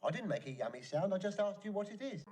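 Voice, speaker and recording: An actor playing an impish, cheeky male servant in a film, who talks quickly and teases. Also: high-pitched, sing-song. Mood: indignant. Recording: echoey film audio with loud noise.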